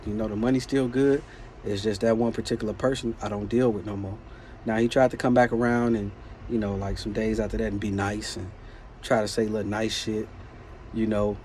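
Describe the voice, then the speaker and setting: A man with a warm, mellow voice recounts a story in a loose, animated, slangy manner. He talks the way a vlogger talks to his camera, with faint noise in the background. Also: fairly low pitch, brisk. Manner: animated, slangy retelling of a work conflict. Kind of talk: casual storytelling.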